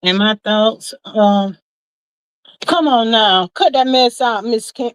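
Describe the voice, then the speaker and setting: A woman's voice: on the high side, slow, clean tone, no echo, rough recording. A woman hosting a casual livestream, chatty, greeting her chat and reading out messages with Southern slang. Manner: Southern slang, calls everyone child. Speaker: livestream host.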